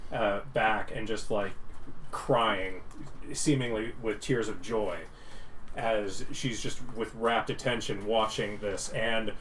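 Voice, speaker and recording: A man's voice: mid-range voice, recorded from a distance, a little hiss or hum, rough recording. A man narrating as game master in a loose, rambling way, full of filler words.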